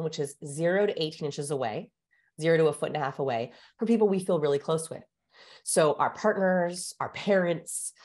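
Appearing as a guest expert in an interview, a woman with a low-pitched voice explains ideas in an animated, teacherly manner. She speeds up and slows down to emphasize her points.

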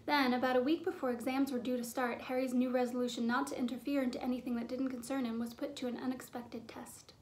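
A woman with a high voice reads a children's storybook aloud. Her narration is clear and steady. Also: fast, few pauses. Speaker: audiobook reader. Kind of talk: storybook reading.

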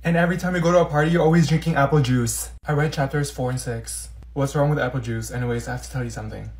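A man performing short comedy skits, switching quickly between several schoolgirl characters and breaking into sassy shouted outbursts. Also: mid-range voice, fairly even intonation. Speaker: comedy sketch creator.

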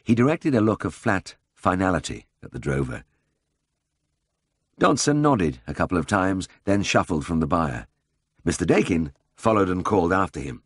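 A man narrating a memoir audiobook in a measured, steady storytelling manner. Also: sits low, slightly rough, no echo, studio quality.

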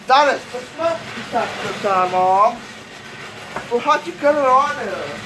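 A woman's voice: on the high side, expressive, measured pace, noisy background. A woman making a playful home recording and switching between put-on voices.

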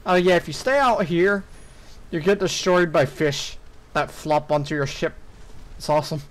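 A man's voice: on the high side, normal speed, low-quality recording. A young man commentating his own gameplay, talking to viewers and ranting with lots of swearing when things go wrong. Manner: frustrated ranting with heavy swearing. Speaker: gaming YouTuber.

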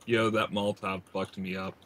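A man's voice: deep voice, level tone, moderate pace, fairly bright tone, a little hiss or hum. A man bantering and joking in casual gaming voice chat. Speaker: gamer.

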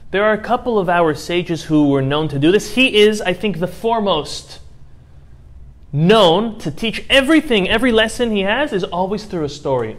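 A man, a rabbi, giving a sermon through a story, moving from quiet retelling to impassioned outbursts. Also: on the high side. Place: synagogue.

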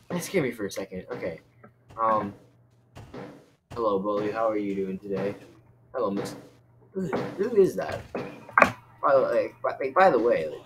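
A young man giving excitable game commentary, rambling and yelping in panic. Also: mid-range voice, noisy background. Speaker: gaming YouTuber.

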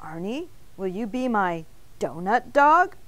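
A woman voicing a kind, gentle grown man in a storybook read-aloud, speaking softly and plainly. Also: mid-range voice, sing-song, slow pace, no echo. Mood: eager. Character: kind gentle adult man, a doughnut's owner.

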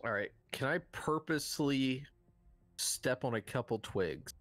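A man's voice: mid-range voice, lively intonation, unhurried, a bit bright, no echo. A man playing a tabletop game, asking questions in a loose, joking way and swearing freely. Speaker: player. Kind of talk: casual tabletop game chat.

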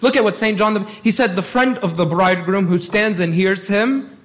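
Give me a male priest delivering an emphatic sermon in a high voice. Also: normal speed. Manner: emphatic, repeats key phrases.

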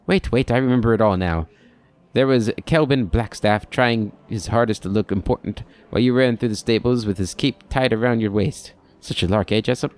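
A man's voice: on the low side, a little fast, darkish tone, lightly acted. A man voicing a rambling, nostalgic old male keeper who chatters in a folksy, reminiscing way. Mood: chuckling.

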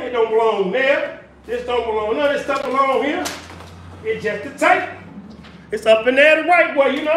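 A man's voice: very high-pitched, a bit bright, a little hiss or hum. A man from California livestreaming from his home kitchen, ranting in a preachy, repetitive, emphatic way. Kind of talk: casual livestream rant. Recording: very echoey room, voice far off.

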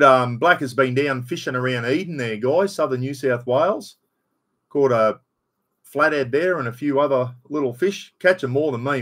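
The voice is mid-range and a bit bright, belonging to an Australian man running a casual live stream. He chats loosely like a mate, says hello to viewers by name and curses bluntly.

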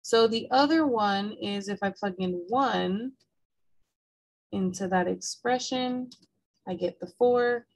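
A woman's voice: mid-range voice, slow pace, darkish tone, poor audio. A woman math instructor giving a recorded lecture, explaining each step patiently and checking in with "okay?", and she has the hiccups.

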